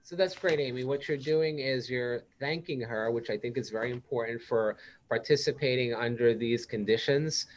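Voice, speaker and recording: A man's voice: medium pitch, normal speed, slight background noise. Conversational male psychiatrist presenting a webinar. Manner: conversational, role-plays supportive manager lines.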